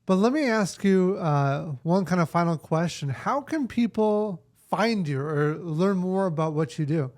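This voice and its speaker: Man, podcast host, casual and appreciative, slightly high pitch. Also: expressive, measured pace, few pauses, darkish tone. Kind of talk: casual interview chat.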